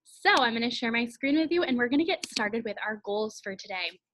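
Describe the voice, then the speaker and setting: A woman teaching second graders an online phonics lesson, slowly drawing out each vowel sound. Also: on the high side, lively intonation, background noise. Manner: slow, clear, exaggerated vowel sounds.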